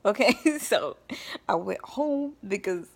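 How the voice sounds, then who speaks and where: A woman's voice: mid-range voice, expressive, takes it slowly, gravelly. A woman vlogger telling a personal story in a rambling, casual way, often stopping to check in with her listeners. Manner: rambling, checks in with listeners, addresses them as y'all.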